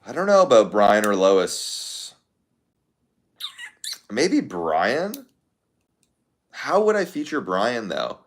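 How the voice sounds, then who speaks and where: A man's voice: on the low side, wildly swooping pitch, slow, long pauses, slight background noise. A young man casually chatting to his viewers, thinking aloud in a rambling way with lots of fillers. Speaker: content creator.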